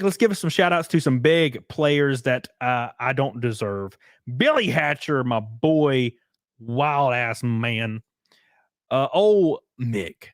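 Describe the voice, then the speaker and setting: A man's voice: medium pitch, no echo, clean studio sound. A man with a Southern US rural accent, reading super chats on a livestream in a laid-back, drawling and profane way. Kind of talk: casual livestream chat.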